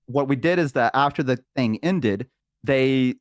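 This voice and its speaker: Young man, guest, rambling storyteller, mid-pitched, dry close mic. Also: unhurried, clean tone, dry recording. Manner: rambling, filler-heavy storytelling. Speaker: stream guest. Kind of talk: casual storytelling about a tabletop game.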